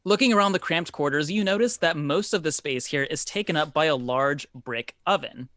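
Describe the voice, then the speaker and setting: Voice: mid-range voice, moderate pace, fairly bright tone, no echo, clean studio sound. A game master narrating a tabletop game scene over a video call, with frequent ums and repeated words. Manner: descriptive, with many ums and repeats.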